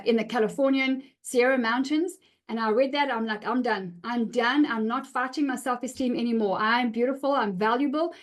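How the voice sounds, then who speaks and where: A middle-aged woman confidence coach giving an energetic webinar talk, often checking in with "okay?". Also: on the high side.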